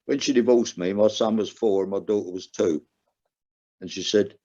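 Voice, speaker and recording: An older man with a low, mellow voice speaks earnestly and with feeling, his pitch jumping up when he drives a point home. The recording sounds dull and lo-fi. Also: moderate pace. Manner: earnest, emotional, rises sharply when stressing a point. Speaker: guest, recovering gambler. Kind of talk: candid personal storytelling.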